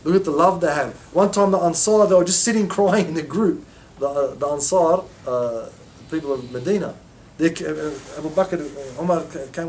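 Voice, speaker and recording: A man's voice: fairly high pitch, fast, slight background noise. A man teaching an informal religious lesson, telling stories and acting out quoted voices with many restarts.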